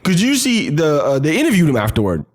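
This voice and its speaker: A man's voice: on the high side, quick pace. Podcast guy cussing a lot, voice jumps all over when he mimics people. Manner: animated, swearing, acts out quotes in voices. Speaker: podcast co-host. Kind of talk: casual group chat.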